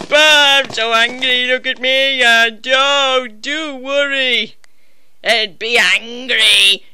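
Gloomy self-pitying toy cat, voiced by a woman, slow mournful comic crooning, very bright tone. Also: sits high, clear, resonant tone, full character voice. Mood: raging. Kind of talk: comic song parody.

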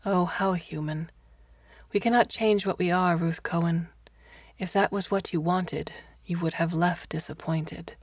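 A woman voicing a calm, ancient woman merged into a conch, speaking quietly and close to a whisper. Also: on the low side, unhurried, husky, no room sound. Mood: serene.

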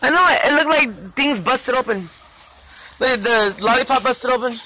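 A woman filming a backyard party, chatty and excitable, laughing often and calling out to the kids and the dogs. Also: sits high, moderate pace. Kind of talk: casual home video narration. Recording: noisy outdoor phone video.

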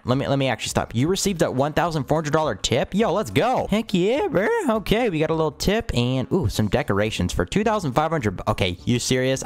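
Excitable young man commentating a game. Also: medium pitch. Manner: excitable, exclamatory, talks to viewers. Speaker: gaming video host.

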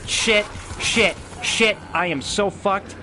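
A man giving let's-play commentary as a streamer, excitable, panicky and swearing often. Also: high voice, takes it slowly, noisy background. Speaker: gameplay streamer. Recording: gameplay audio with game music behind.

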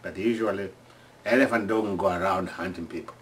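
A man telling stories from home in a halting, restarting way, acting out screams and sounds. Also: deep voice, far from the mic. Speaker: storyteller. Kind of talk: casual oral storytelling.

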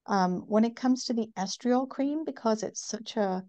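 A middle-aged woman from northeast England with a softened northern English accent, explaining things in a measured way with many ums as an interview guest. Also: a little high, no room sound. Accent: northern English, softened by decades in the US. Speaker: guest, women's health company founder. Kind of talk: interview conversation.

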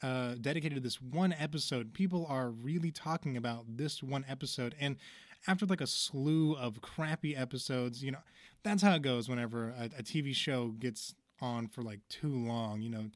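A man talks through a cartoon episode in a loose, rambling podcast chat, full of "um"s, restarts and quick acted-out quotes. His voice sits at an ordinary middle pitch. The sound is dry and close, with no room echo. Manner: rambling, lots of fillers and restarts, acts out quotes. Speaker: podcast host. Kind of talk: casual episode recap.

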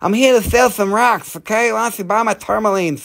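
A pushy, high-voiced boxer barks at the audience in a gravelly, squeezed tone, as a man puts him on. The voice sits well above a normal man's speaking pitch. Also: brisk, a bit bright. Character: Mike Tyson impression, male boxer, pushy.

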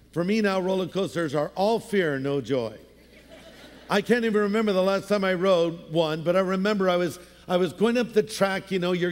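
A high-pitched man preaches from a stage mic, his voice ringing out through a long church-hall reverb. He tells his story in an easy, conversational way and slips into playful voices now and then. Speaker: pastor. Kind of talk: sermon.

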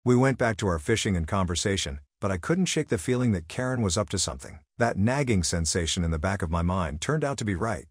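A man narrating a first-person story in an expressive, storytelling manner. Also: low-pitched, quick pace, hardly any pauses, husky, dry recording, studio quality.

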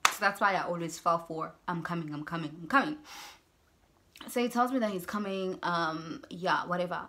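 A young South African woman telling a personal story on her vlog, animated, acting out both sides of conversations and mixing in Zulu words. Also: fairly low pitch, normal speed. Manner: mixes in Zulu words and phrases. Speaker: YouTuber.

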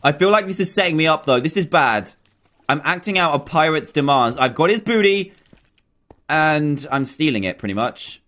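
A man's voice: a little high, expressive, moderate pace, a bit bright. A man hosting a gaming video, giving jumpy let's-play commentary, exclaiming often and talking to the game's characters.

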